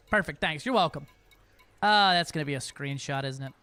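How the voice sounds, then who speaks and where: A man's voice: a little high, a little fast, sharp tone, dry recording. A man streaming a space game, chatting casually and joking with his audience. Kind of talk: casual gaming stream chat.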